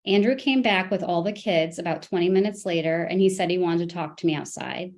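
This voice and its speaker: A woman's voice: fairly low pitch, a little mellow. Hesitant woman giving court testimony. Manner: hesitant, halting, full of restarts and fillers. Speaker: parent testifying in a custody case.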